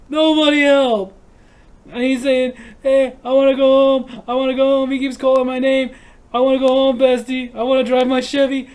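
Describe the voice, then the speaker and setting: A man voicing a shouting, haunted male war veteran in anguished outbursts. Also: very high-pitched, pitched above the performer's own voice.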